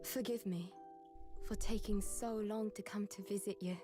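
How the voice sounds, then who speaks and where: A woman voicing a polite, gentle young Japanese woman in a video game, speaking formally, with music under her lines. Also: medium pitch, fairly even intonation, normal speed, natural voice. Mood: earnest. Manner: formal, courteous speech. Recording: game audio over loud music.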